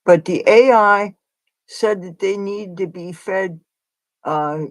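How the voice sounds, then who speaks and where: A woman's voice: mid-range voice, slow, dry recording, rough recording. A woman hosting a casual livestream, rambling with fillers and coaxing a bird in baby talk. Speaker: livestream host.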